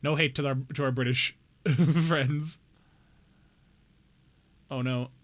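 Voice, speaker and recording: A young man chats with viewers while live-streaming a game, speaking slowly in a mid-range voice with fairly even intonation. He's playful and jokey, addressing chat directly and putting on mock outrage at times.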